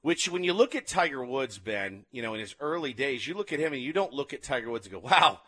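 Male co-host, animated storyteller with lively pitch. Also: quick pace. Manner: animated storytelling, acts out quotes. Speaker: podcast co-host. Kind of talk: casual chat reviewing a documentary.

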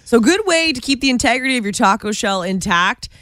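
A woman's voice: on the high side, lively intonation, fast talker, fairly bright tone, no room sound, clean studio sound. A woman co-hosting a radio show, chatting casually and giggling as she tells stories and reads entertainment news.

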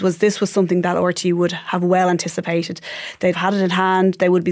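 A woman, a journalist guest on a podcast, explaining industry matters in a measured way. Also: medium pitch. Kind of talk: analytical podcast commentary.

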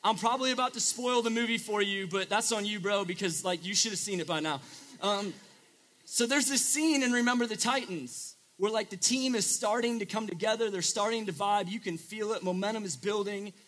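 A man's voice: high voice, a little fast, a bit bright. A young man preaching a casual sermon to a live audience, chatty and joking with lots of filler words.

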